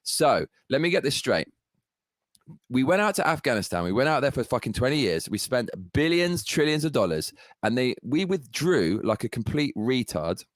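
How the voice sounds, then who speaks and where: A man's voice: mid-range voice, very animated, moderate pace, no room sound, clean studio sound. Furious, foul-mouthed man ranting. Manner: profane, heated, sarcastic ranting. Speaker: political commentator. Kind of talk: angry political rant.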